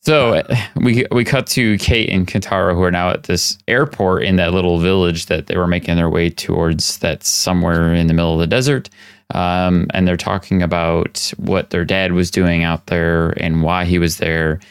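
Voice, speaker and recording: A man hosting a casual podcast chat, playfully recapping scenes and slipping into quick impressions. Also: sits low, steady tone, clear, resonant tone, dry recording. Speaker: podcast host.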